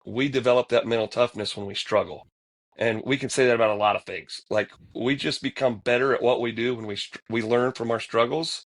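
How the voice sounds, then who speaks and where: A man's voice: mid-range voice, steady tone, a little fast. A man in casual conversation, speaking reflectively and motivationally and checking that his listeners follow. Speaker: podcast co-host.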